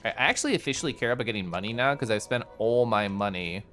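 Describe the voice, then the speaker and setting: A streamer casually commenting on a game and reading chat aloud, chatty and excitable, with sudden loud bursts between mumbled asides. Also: mid-range voice, quick pace. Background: game music.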